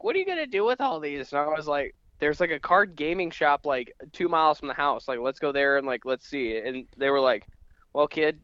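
A young man co-hosts a casual podcast, telling long rambling stories packed with fillers. His voice is smooth, and the recording sounds dry and a little dull. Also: mid-range voice, fairly bright tone, no room sound. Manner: rambling storyteller, many fillers. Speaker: podcast co-host. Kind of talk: casual chat.

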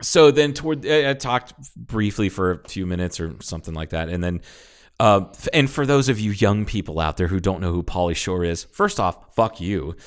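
A man in his thirties, a podcast co-host telling a story in casual chat, animated and full of swearing. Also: sits low, moderate pace. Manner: animated storyteller, swears a lot, acts out quotes loudly.

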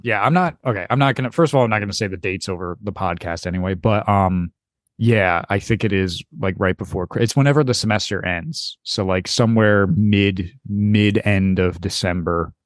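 A man's voice: lowish voice, moderate pace, no echo, studio quality. A young American man hosting a podcast, chatting casually, sarcastic and swearing freely. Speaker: podcast host. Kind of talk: casual chat.

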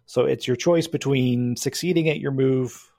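A man's voice: medium pitch, moderate pace, vocal fry, mellow. A man acting as game master, explaining rules and narrating a tabletop game with frequent hesitations.

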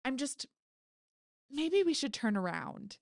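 A woman's voice: sits high, big pitch swings, slow pace, vocal fry, no room sound, voice pushed up, heavily acted. A woman voicing a nervous, nerdy teenage girl camper in a story reading, speaking hesitantly and doubtfully, recorded dry and close. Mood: uneasy.

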